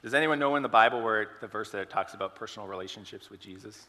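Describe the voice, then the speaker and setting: A man's voice: fairly low pitch, very fast, bright, forceful tone, long reverb tail. A man giving a sermon, telling an illustrative story and asking the congregation questions. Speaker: preacher.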